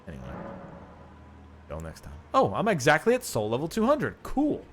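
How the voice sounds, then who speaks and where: A man's voice: on the high side, wildly swooping pitch, normal speed. Man, game streamer, casual rambling chat, profane rants, laughs often.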